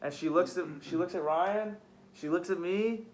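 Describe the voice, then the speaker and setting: A man's voice: high-pitched, moderate pace, a little mellow, slight background noise. A young man hosting a podcast, telling a story in casual, profane, heated chat. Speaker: podcast host.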